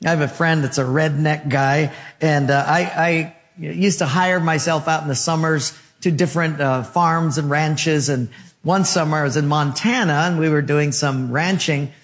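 A male pastor preaching a sermon in a church, animated and storytelling, putting questions to his congregation. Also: on the high side, moderate pace.

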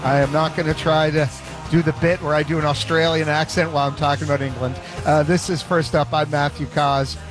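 A man's voice: fairly high pitch, dry recording. Upbeat man hosting a sports talk show. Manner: lively, joking, quick asides. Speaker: host.

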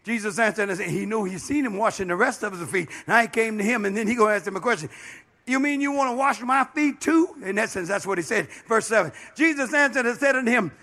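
A man's voice: high-pitched, quick pace, hardly any pauses, pushed and bright. A man, a bishop, preaching a sermon with passion, dropping frequent amens and calling out to the congregation. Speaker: bishop and pastor.

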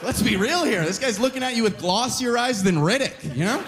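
A man from Alberta, Canada doing a stand-up comedy set, chatty and animated, often slipping into voices of other people. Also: high voice, fairly quick, few pauses, noisy background. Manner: animated, conversational, lots of "you know", mimics voices.

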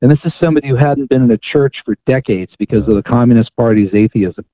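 A male author, a guest on a radio talk show, telling a story with lively restarts and repeated words. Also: medium pitch, quick pace, no echo. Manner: animated storyteller with frequent restarts. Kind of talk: phone-in radio interview storytelling. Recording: tinny phone line.

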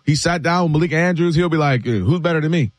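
A man co-hosting a sports talk show, arguing his point with lively storytelling and acting out fans' reactions. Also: on the high side, fast talker, dry recording. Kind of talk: animated sports debate.

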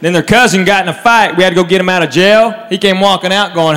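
A stand-up comedian performs a routine on a comedy club stage, telling stories that land on punchlines and doing voices for his relatives. His voice is high-pitched and fairly bright, and he talks quickly. It's a live recording in a reverberant room with the audience present.

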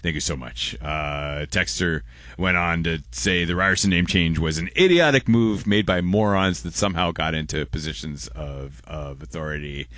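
A young man, hosting call-in talk radio, quick and loose as he reads listener texts aloud. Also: deep voice, fairly bright tone, dry recording. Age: young adult. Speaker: radio host. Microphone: close studio microphone.

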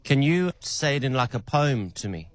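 A man's voice: mid-range voice, big pitch swings, normal speed. A man casually testing an AI phone agent, asking playful questions in a teasing, off-hand, amused way.

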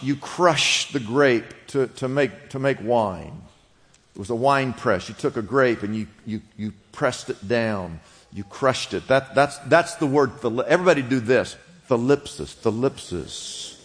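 A man's voice: sits high, a bit bright, in a large hall. A man preaching a sermon, explaining a word in a conversational teaching manner and prompting the congregation to repeat after him. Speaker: pastor.

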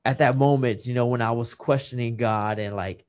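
A middle-aged man recounts a personal story with earnest feeling, slipping into the voices of the people he quotes. His voice sits at an ordinary middle pitch, and his talk is conversational, with restarts. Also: fairly even intonation, moderate pace, a little mellow. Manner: earnest, emotional, acts out quoted dialogue. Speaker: retired professional boxer, guest.

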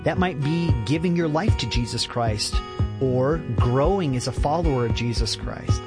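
A man's voice: mid-range voice, animated, moderate pace, music in the background. A man hosting a radio ministry program, giving an earnest, inviting introduction.

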